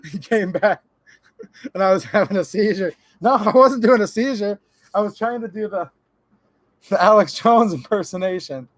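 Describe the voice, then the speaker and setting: Jokey male streamer chatting with viewers; high, gravelly tone, recorded dry. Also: dry recording. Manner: laughs a lot, reads chat aloud, jokey. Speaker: livestream host. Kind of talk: casual live-stream chat.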